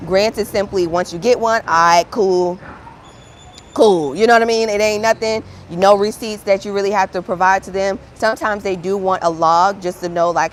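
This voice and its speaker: A woman's voice: mid-range voice, steady tone, moderate pace, slight background noise. A woman hosting a livestream as a grant writer, chatting casually and encouragingly with her viewers. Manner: upbeat, encouraging, chatty, calls viewers "friend".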